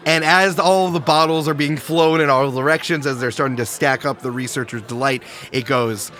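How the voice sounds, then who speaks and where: A man's voice: mid-range voice, fairly even intonation, moderate pace, hardly any pauses, sharp tone. A man narrating a tabletop role-playing game as game master, playful and laughing often.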